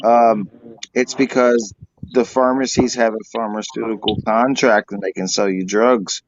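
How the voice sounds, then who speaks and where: A man's voice: fairly low pitch, steady tone, measured pace, slight background noise. A man on a casual online panel who keeps pressing his questions and cutting in. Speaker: panel guest. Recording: dry, dull call audio.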